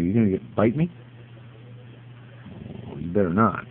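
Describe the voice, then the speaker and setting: A man's voice: sits low, animated, normal speed. A man at home talks to his dogs in a playful, teasing baby-talk voice that swoops up and down. The sound is thin and tinny, like a phone camera, with a faint hiss behind him. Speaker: pet owner filming his dog. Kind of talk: casual home video talking to pets.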